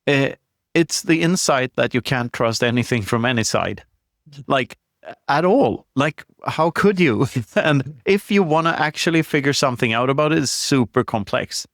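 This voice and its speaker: A man's voice: medium pitch, expressive, moderate pace, a bit bright, no room sound, studio quality. Blunt, laughing man in casual talk. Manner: blunt, opinionated, laughs often, swears freely. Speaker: podcast guest. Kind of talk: casual conversation.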